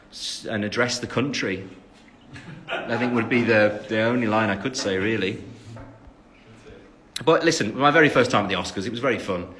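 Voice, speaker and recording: A man's voice: lowish voice, a bit bright. A man in his twenties from England, chatting casually on a phone livestream while answering fan comments, rambling with lots of fillers and joking at his own expense. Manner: jokey, laughing at himself.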